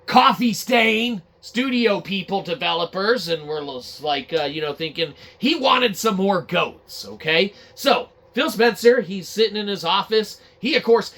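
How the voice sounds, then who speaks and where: A man's voice: high-pitched, expressive, unhurried, few pauses, a bit bright. A man hosting a comedic gaming news show, rambling and cursing freely as he jokes. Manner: profane, rambling, joking. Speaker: podcast host.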